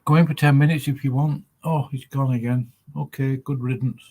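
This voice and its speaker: A man's voice: mid-range voice, fairly even intonation, a little mellow. A man hosting a casual livestream on his own, thinking aloud and rambling, with dry, dismissive asides. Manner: slow, rambling, thinks aloud with many pauses. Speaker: livestream host. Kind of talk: casual solo livestream chat.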